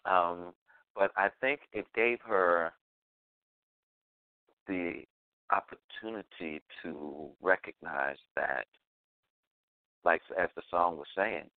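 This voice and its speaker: A man's voice: deep voice, steady tone, takes it slowly, pauses often, no echo. A man co-hosting a call-in talk show, telling a story in a loose, chuckling way and repeating his phrases. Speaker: co-host. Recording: dry tinny phone line.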